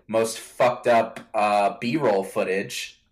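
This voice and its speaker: A man's voice: on the low side, drawn-out words. A man co-hosting a podcast in casual chat, rambling, hedging and interrupting himself mid-thought. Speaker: podcast co-host.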